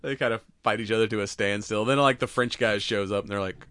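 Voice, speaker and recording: A man co-hosting a podcast, retelling a movie scene by scene in casual chat, animated and laughing often. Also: fairly low pitch, quick pace, dry recording. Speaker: podcast co-host.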